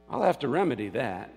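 A man's voice: medium pitch, gravelly, darkish tone, breathy edge, exaggerated voice. A preacher voicing a jealous, scheming young man who speaks smugly. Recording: long church reverb.

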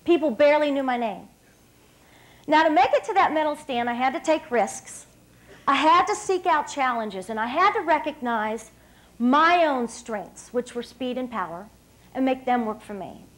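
A high-pitched woman in her thirties, from West Virginia, speaks from a dinner stage. She tells her story in a bright, energetic way, often laughs, and turns straight to the audience. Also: moderate pace, low-quality recording. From West Virginia, USA. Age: 30s. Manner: lively storyteller, often laughing, addressing the crowd directly. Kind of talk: motivational speech to an audience. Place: stage at an evening dinner event.

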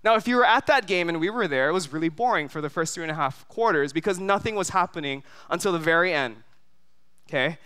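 A man from Hawaii preaching in an animated storytelling way, with a bright, forceful and smooth voice pitched a little high. He keeps turning to the congregation with quick asides. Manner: animated storyteller, many fillers, asks the crowd "right?". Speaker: pastor. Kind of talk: sermon with storytelling. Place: church service.

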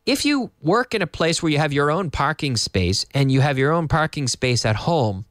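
Brief: male teacher, animated delivery, dry close sound. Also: fairly high pitch, no echo. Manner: lively, explains slowly with repetition and Spanish glosses. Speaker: English teacher. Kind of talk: casual online English lesson for Spanish speakers. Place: in Madrid.

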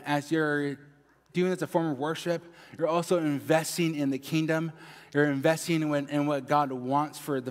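A man with a Mexican accent giving upbeat church announcements and a prayer, tagging "okay?" onto nearly every phrase. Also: on the high side. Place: church sanctuary. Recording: long hall reverb.

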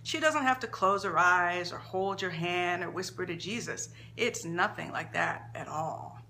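A woman author reading her own short story aloud in an expressive, measured storytelling manner. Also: on the low side, a little hiss or hum.

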